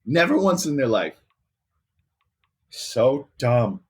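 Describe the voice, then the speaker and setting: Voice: mid-range voice, very animated, slow pace, darkish tone. A podcast co-host in a casual movie review chat, ranting in exasperation and swearing often.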